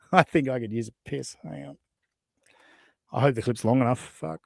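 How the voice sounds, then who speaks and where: A man's voice: mid-range voice, normal speed, creaky, no echo. Australian man, podcast host, crude joking, dry close sound. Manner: crude, mocking, laughs often. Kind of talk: casual chat reacting to clips.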